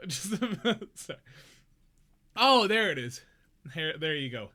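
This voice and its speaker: A man's voice: high voice, sing-song, a little slow, bright, forceful tone. A young man chatting casually on a live stream from his home, giggly and rambling. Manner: giggly, rambling, self-deprecating. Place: home room.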